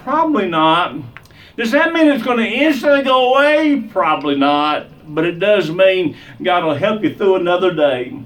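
A man's voice: high-pitched, sing-song, normal speed, fairly bright tone, recorded from a distance. A man preaching a sermon with an emphatic, repetitive cadence.

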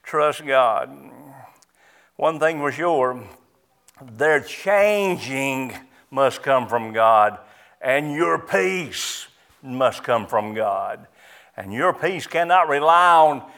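A man's voice: mid-range voice, animated, extremely slow, fairly bright tone. A middle-aged man preaching a sermon as pastor, emphatic and repetitive, stressing key words.

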